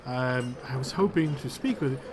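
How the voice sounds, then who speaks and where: Polite, soft-spoken male attendant, man voicing him, over a noisy tabletop game recording. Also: mid-range voice, expressive, moderate pace, lightly acted. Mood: deferential. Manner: soft, deferential.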